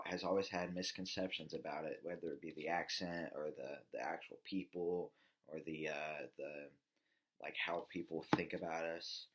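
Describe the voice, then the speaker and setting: A nineteen-year-old man from the American South with a Southern accent, giving an informal class speech in a halting way with many restarts. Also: low voice, fairly bright tone. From Southern United States.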